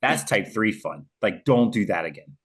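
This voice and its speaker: A man co-hosting a podcast, telling stories in a lively, casual way and swearing freely. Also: on the low side, normal speed, breathy edge. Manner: animated storyteller, swears casually. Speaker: podcast co-host. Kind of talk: casual chat.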